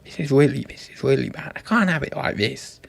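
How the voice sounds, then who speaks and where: A man's voice: mid-range voice, animated, brisk, gravelly. A young man hosting a casual livestream, chatty and self-mocking as he rambles on about his new microphone. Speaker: livestream host. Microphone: desktop microphone.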